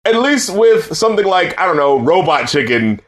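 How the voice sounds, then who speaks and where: A young man co-hosting a podcast with a high, lively voice that swings widely in pitch. He chats casually and animatedly, laughing often. He trails off and restarts his sentences a lot. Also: normal speed. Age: young adult. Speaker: podcast co-host. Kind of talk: casual chat.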